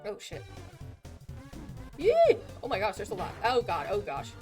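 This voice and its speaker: A woman's voice: medium pitch, very animated, normal speed, faint music behind. A woman streaming a video game live, reacting with exclamations and reading game text aloud with frequent laughs.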